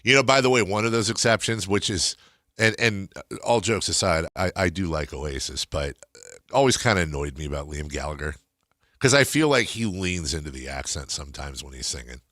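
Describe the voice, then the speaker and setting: An American man hosting a casual sports talk radio show in a studio, talking in animated, rambling asides. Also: low voice, brisk, no room sound. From United States.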